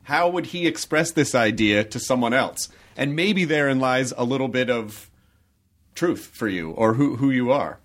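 A man's voice: medium pitch, animated, moderate pace, a bit bright. A man hosting a podcast, chatting casually with a guest and laughing easily. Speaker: podcast host. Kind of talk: casual interview chat.

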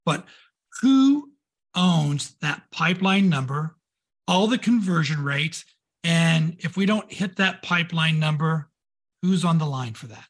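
A man's voice: a little high, expressive, unhurried. A man co-hosting a business podcast, upbeat and enthusiastic as he asks and wraps up. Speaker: podcast co-host.

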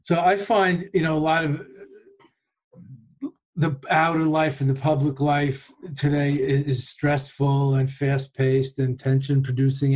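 A man hosting a podcast, speaking in a thoughtful, unhurried conversational way with pauses and restarts. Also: medium pitch, a little mellow. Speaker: podcast host and meditation teacher. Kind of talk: reflective conversational talk.

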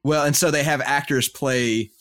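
A man's voice: mid-range voice, fairly even intonation, normal speed, a bit bright. A man co-hosting a podcast in casual chat, recommending things with enthusiasm and lots of "uh" and "like". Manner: enthusiastic, filler-heavy recommender. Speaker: podcast co-host.

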